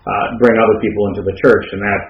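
A podcast co-host talks through ideas in a thoughtful, academic way, often restarting his sentences during a casual discussion. His voice is lowish and level, very fast, with vocal fry. The recording sounds roomy and dull, lo-fi, with slight background noise.

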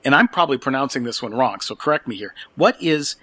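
Male show host, folksy and joking, middle pitch, dry studio sound. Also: animated, quick pace, pushed and bright, dry recording. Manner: jokey, folksy, playful asides. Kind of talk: radio interview hosting.

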